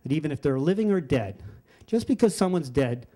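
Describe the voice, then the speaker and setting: A man's voice: on the high side, fairly quick. An older man telling a personal story live at a story slam, animating the quoted voices of people around him. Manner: animated, acts out quoted friends with voice shifts.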